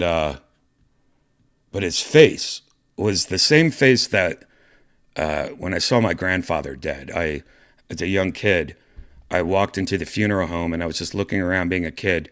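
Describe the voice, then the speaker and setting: A man with a very low, deep voice tells a story on his podcast. He rambles casually, swears freely, and keeps restarting his sentences with fillers along the way. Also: a little slow, a bit bright. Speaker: podcast host.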